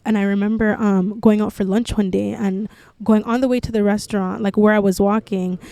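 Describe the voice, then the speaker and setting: A young woman shares a personal story on her podcast in a candid, meandering way, scattering "like" through nearly every sentence. Her voice sounds mellow and dark, and the recording is dry and close with no room sound. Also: medium pitch, fairly even intonation, brisk, no room sound. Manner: candid, filler-heavy with frequent "like". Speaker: podcast host.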